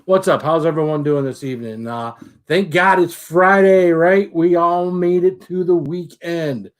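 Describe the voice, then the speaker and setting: Middle-aged guy hosting a livestream, kinda high voice, chatty, shouting out everyone in chat. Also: measured pace. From Michigan, USA. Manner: chatty, greets viewers by name. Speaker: livestream host. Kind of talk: casual live-stream chat.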